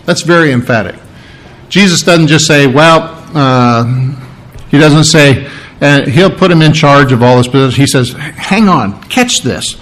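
A middle-aged male preacher with a slightly high voice teaches a Bible passage in plain, homespun words. He stumbles and repeats himself often, pausing to clear his throat before going on. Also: a bit bright, poor audio. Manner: plain-spoken, folksy. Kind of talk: sermon teaching.

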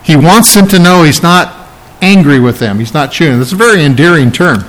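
A man's voice: fairly high pitch, expressive, a little fast, a bit bright, rough recording. A man preaching an expository sermon, teaching earnestly and repeating phrases for emphasis. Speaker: pastor.

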